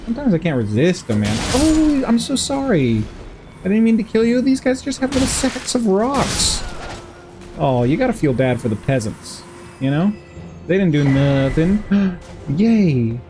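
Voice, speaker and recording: Against a noisy background, a streamer with a high-pitched, very animated voice talks at a moderate pace while he plays a video game. His commentary is casual and rambling; he giggles and chats playfully with the characters on screen.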